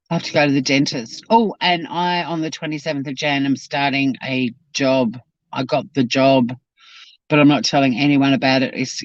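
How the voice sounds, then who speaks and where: A woman's voice: rumbling low, no room sound. An Australian woman hosting a livestream from her car, chatting casually and bluntly with plenty of swearing as she reacts to chat. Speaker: livestream host reading chat. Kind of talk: casual chat while driving. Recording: dull, dry lo-fi sound.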